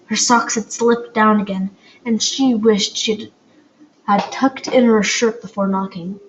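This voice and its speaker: A woman's voice: medium pitch, steady tone, a little slow. A woman reading an audiobook aloud, hesitant, with fillers and small slips, on a dull, lo-fi home recording with faint hiss. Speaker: audiobook reader. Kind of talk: amateur audiobook narration.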